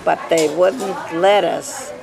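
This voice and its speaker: Older woman, native Yiddish speaker, interviewee; slow, gravelly, emphatic storyteller with crowd murmur behind. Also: lowish voice, fairly even intonation. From Eastern Europe. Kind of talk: oral history interview.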